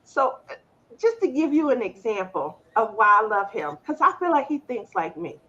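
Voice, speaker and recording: A middle-aged woman hosting a casual chat, telling animated stories and laughing often. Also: fairly high pitch, moderate pace, dull audio. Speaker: host.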